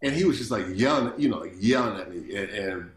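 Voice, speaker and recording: Laid-back male jazz musician, storyteller, stumbles and repeats, low register, reverberant room. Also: fairly quick. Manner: loose, repeats words, animated storytelling with quoted voices. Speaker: jazz bassist, guest. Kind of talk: casual interview chat. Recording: roomy echo.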